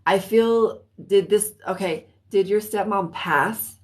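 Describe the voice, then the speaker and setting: A woman leads a psychic reading on a live stream, speaking in a mid-range voice. She thinks aloud, breaks off and restarts her sentences, and keeps clearing her throat between phrases. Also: mid-range voice, slow. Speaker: psychic reader. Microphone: phone or computer mic on a live stream.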